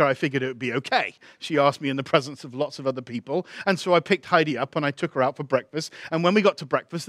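A man's voice: a little high, fairly bright tone, no echo, clean studio sound. A man preaching a sermon, telling a story and acting out the voices in it before building to emphatic peaks.

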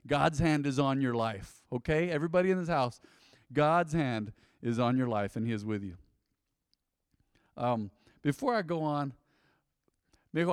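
A man preaching a sermon to his congregation, animated and conversational, with sudden loud emphasis. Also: on the high side, dry recording, clean studio sound. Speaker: pastor. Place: church sanctuary.

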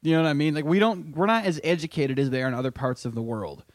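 New guy co-hosting, talks fast n laughs a lot, swears, slightly high voice. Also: no room sound, clean studio sound. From Connecticut, USA. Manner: animated, profane, laughs often. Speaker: podcast co-host. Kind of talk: casual comedic chat.

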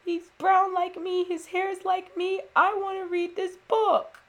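A woman voicing her five-year-old son, high and insistent, pleading close to tears. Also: little pitch movement, measured pace.

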